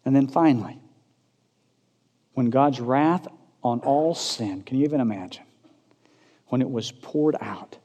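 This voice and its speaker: Slow impassioned preacher in a reverberant hall. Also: male voice, medium pitch. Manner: impassioned, swings from loud preaching to hushed intensity. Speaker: pastor. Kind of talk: sermon.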